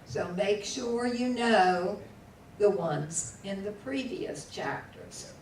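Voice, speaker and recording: Slow, patient woman teaching in an echoey room. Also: mid-range voice, lively intonation, darkish tone. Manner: patient, drills words aloud syllable by syllable. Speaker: Hebrew teacher. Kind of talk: classroom lesson. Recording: echoey room, voice from far off, faint background hum.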